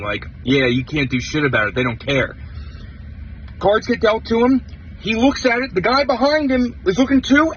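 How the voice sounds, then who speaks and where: A man's voice: sits high, slight background noise. Heated young man with a muffled sound. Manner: animated, heated storytelling with casual swearing. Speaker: poker player telling his story. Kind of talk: clip of a player recounting a tournament.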